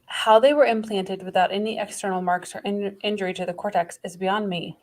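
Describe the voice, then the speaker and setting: A woman reading the part of a calm female base doctor in a measured, explanatory way during a podcast read-through. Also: mid-range voice, close to an everyday voice. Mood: clinical.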